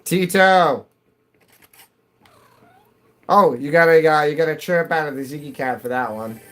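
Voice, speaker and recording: A man's voice: a little high, brisk. A man from New England chatting casually with his viewers while gaming, rambling from topic to topic and laughing often. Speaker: live streamer.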